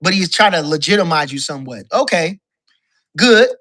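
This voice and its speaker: Bright-voiced man on a profane boxing rant. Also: on the high side, fast talker. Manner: profane, emphatic, repeats his points. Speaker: guest caller, boxing commentator. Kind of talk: casual boxing talk rant.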